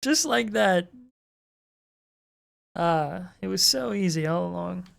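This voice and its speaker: Speaking slowly with vocal fry, a woman with a fairly low voice chats with her stream viewers as she draws. She swears a lot and makes jokes at her own expense.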